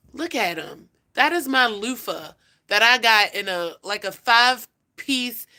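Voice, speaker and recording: A woman's voice: a little high, sharp tone. A woman chatting casually on a livestream, rambling, swearing freely and scolding her cat. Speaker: livestream host.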